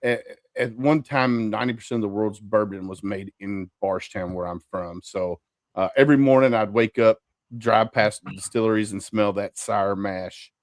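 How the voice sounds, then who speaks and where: A man's voice: fairly low pitch, moderate pace, dry recording, clean studio sound. A man, an ex-Marine guest telling his story in an easygoing way. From Kentucky. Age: 40s. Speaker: podcast guest, Marine veteran. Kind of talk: casual interview storytelling.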